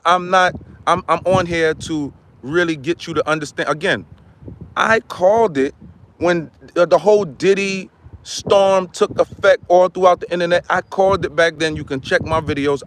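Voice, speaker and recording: A man's voice: on the high side, steady tone, moderate pace, a bit bright, slight background noise, low-quality recording. A man hosting his own commentary channel, giving a heated, repetitive monologue. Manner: impassioned, repetitive, restarts often.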